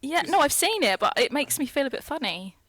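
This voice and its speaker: A woman's voice: high-pitched, very animated, fairly quick, crowd noise. A woman co-hosting a podcast in casual chat, self-conscious and laughing. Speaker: podcast co-host.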